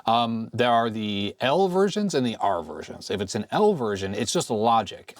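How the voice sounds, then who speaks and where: A man in his forties with a slightly hoarse voice from a cold, casually thinking aloud as he tinkers with retro computer hardware. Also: medium pitch, no echo. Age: 40s. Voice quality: slightly raspy. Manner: rambling, thinks aloud while handling hardware. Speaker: retro computer video host. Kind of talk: casual hands-on tech vlog. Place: home workbench.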